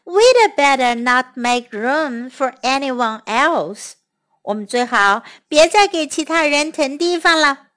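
Storybook lobster, fretful and fussy, read by a woman, high and lively, slow careful delivery. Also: heavily acted. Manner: worried, insistent warnings.

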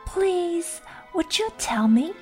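A woman's voice: a little high, big pitch swings, unhurried, soft background music, voice pushed up. A woman doing a timid, polite young girl. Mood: earnest.

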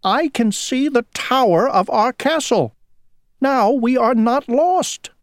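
A woman's voice: medium pitch, big pitch swings, slow pace, vocal fry, darkish tone, dry recording, studio quality, voice pushed up, heavily acted. A woman voicing a brave, smart young elephant prince in a storybook who speaks eagerly and reassuringly. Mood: excited.

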